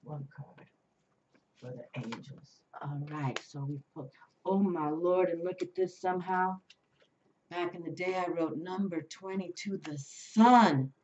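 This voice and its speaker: A woman's voice: lowish voice, measured pace, darkish tone, slight background noise. A woman doing a tarot reading on video, talking casually and often adding "you know" and "okay?". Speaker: tarot reader. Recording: slightly distant, dull lo-fi sound.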